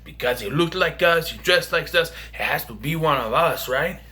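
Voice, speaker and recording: A man's voice: a little high, animated, moderate pace, pushed and bright. A man putting on a defensive Mexican-accented tough guy. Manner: mocking, put-on accent.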